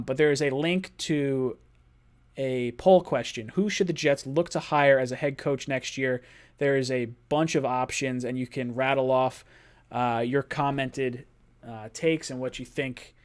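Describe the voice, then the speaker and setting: Speaking at medium pitch, a man hosts a sports podcast on live stream, bantering playfully and casually with viewers in his chat, with rapid bursts of speech.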